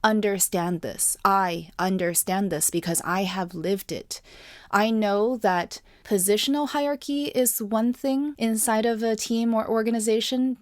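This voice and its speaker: A woman hosting a podcast, speaking in a measured, emphatic way as she reflects on past episodes. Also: medium pitch, no room sound, studio quality. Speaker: podcast host.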